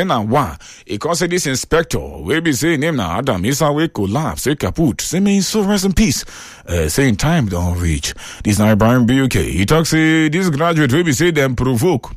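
A Nigerian man hosting a radio call-in show in Pidgin, animated and exclaiming as he reads listener messages. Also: a little high, dry recording, studio quality. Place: radio studio.

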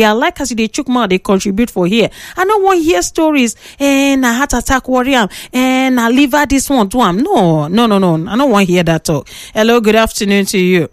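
A woman radio presenter speaking with a Nigerian Pidgin accent, lecturing listeners and bantering with callers in a lively, preachy way. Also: mid-range voice, dry recording, clean studio sound. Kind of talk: call-in radio talk.

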